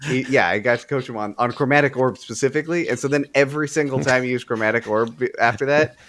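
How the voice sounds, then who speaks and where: A man with a middle-pitched voice speaks haltingly in a group chat. He repeats words and stalls while finding his thoughts, then pushes on. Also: a bit bright, a little hiss or hum.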